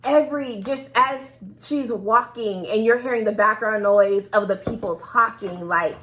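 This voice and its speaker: A woman's voice: a little high, a little slow, a bit bright. A woman co-hosting a casual chat about audiobooks, enthusiastic and gushing, laughing often. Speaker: podcast co-host.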